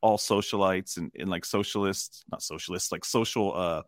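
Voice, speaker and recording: A man co-hosting a casual film discussion podcast, rambling and animated, acting out lines from scenes. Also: low voice, moderate pace, no room sound, studio quality. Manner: rambling, animated, acts out character lines in funny voices. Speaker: podcast co-host.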